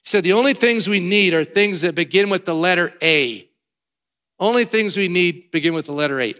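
Animated, bright-voiced male preacher. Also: a little fast. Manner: animated, swings from loud emphatic lines to quiet low ones; speaks in repeated rhythmic phrases. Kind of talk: sermon.

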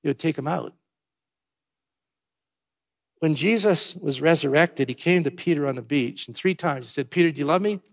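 A man preaching a sermon, swinging between hushed, tender passages and loud, emphatic ones. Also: on the high side, normal speed, long pauses. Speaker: pastor.

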